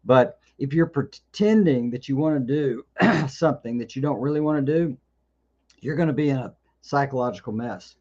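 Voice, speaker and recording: In this live question-and-answer session, the male host has a mid-range, slightly mellow voice with lively intonation and a moderate pace, though the recording is muffled. His talk is informal, full of restarts and repeated words.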